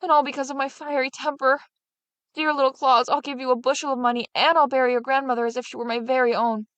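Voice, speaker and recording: Woman playing a fiery, shouting innkeeper. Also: high-pitched, little pitch movement, fast talker, no room sound, lo-fi sound, voice pushed up. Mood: frantic. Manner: loud, shouting and fussy. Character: quick-tempered wealthy male innkeeper, fiery.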